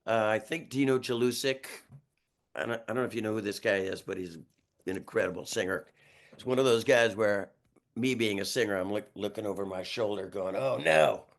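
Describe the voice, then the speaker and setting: A man in his sixties from New York, a guest musician telling road stories in a lively, rambling way with frequent chuckles and restarted sentences. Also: lowish voice, fairly quick. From New York, USA. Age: 60s. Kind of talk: casual storytelling interview.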